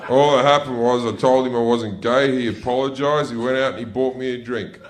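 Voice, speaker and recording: A man's voice: medium pitch, fairly even intonation, a little fast, a faint crowd. A man with an Australian accent doing profane stand-up comedy on a club stage, telling a brash story to a laughing audience.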